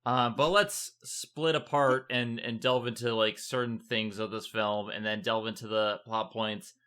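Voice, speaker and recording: A man co-hosting a casual movie review podcast, talking in an animated, exasperated way with many fillers. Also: on the low side, measured pace. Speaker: podcast co-host.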